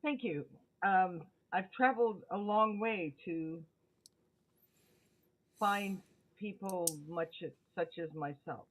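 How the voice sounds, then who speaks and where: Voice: medium pitch, slow pace, long pauses, low-quality recording. A player speaking in character in a tabletop game, hesitant and unsure. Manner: hesitant, with fillers. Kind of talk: in-character role-play.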